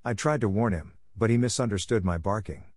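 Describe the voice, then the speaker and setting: Man voicing a timid small terrier in a storybook, soft and self-effacing, low, dry close sound. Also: fairly quick, no room sound, lightly acted. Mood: telling. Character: shy little male terrier, timid.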